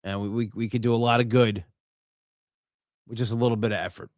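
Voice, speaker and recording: A man's voice: lowish voice, steady tone, fairly quick, no echo, studio quality. A middle-aged man hosting his own podcast, talking earnestly and from the heart, often restarting and saying "you know". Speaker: podcast host. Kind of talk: solo podcast monologue.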